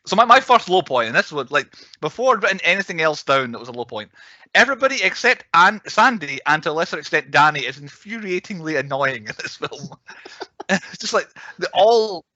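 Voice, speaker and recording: A young man co-hosting a casual podcast, chatty and quick to laugh. His voice sits fairly high and sounds bright and forward. The recording is dry and slightly muffled. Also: sing-song, no echo. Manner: chatty, laughs often, acts out quotes. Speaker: podcast co-host. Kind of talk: casual chat.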